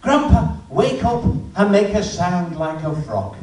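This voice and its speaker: An eager five-year-old boy who pipes up high and keeps repeating himself, as a male comedian puts him on. His voice bounces around the roomy hall, caught from a distance. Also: big pitch swings, slow pace, darkish tone, exaggerated voice. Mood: insistent. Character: excitable little boy grandson, about five.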